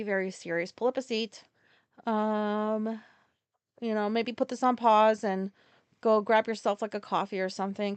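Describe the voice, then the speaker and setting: A woman's voice: medium pitch, no room sound. A woman hosting a casual solo podcast, rambling through a story with profane, self-deprecating asides. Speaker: podcast host.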